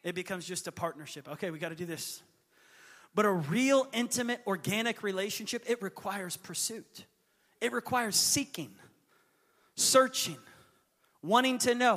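Man, 30s, pastor, lively storytelling sermon, forceful bright tone, high voice. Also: normal speed, long reverb tail. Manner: lively storyteller who acts out his kids' voices. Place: church hall.

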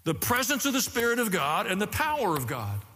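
A man preaching a sermon as pastor, animated, rising and falling as he teaches. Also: high-pitched, brisk, big-room sound.

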